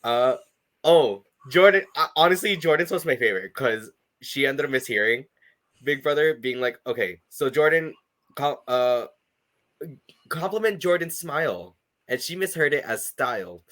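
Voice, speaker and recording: A man in casual podcast chat, his voice bright and lively. He talks loosely, with plenty of fillers, and laughs often. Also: mid-range voice, normal speed. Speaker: podcast co-host.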